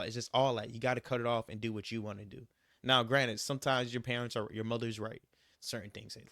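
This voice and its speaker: A man's voice: lowish voice, steady tone, fast, fairly bright tone, no echo, clean studio sound. A young man vlogging about his travels, talking to viewers in a casual, emphatic, repetitive way as he gives motivational advice. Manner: emphatic, repeats his points, says "you gotta" a lot. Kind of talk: casual motivational vlog talk.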